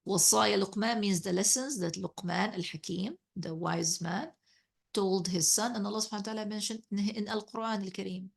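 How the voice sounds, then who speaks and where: A woman's voice: mid-range voice, brisk, gravelly, breathy edge. A woman teaching a reflection class on scripture, explaining patiently and often restarting her sentences. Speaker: Quran study teacher.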